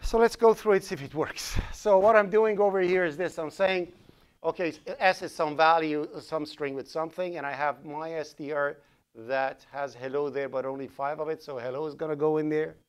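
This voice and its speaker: This man's voice is on the high side, clear and resonant, with a steady tone at normal speed. He lectures on programming with a Persian accent while coding live, thinking aloud, using fillers and revising what he says.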